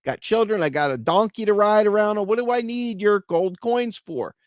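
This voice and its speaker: A man's voice: high-pitched, moderate pace, no echo, studio quality, voice pushed up, close to an everyday voice. A man doing a folksy, stubborn peasant. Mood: scoffing. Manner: folksy, indignant drawl.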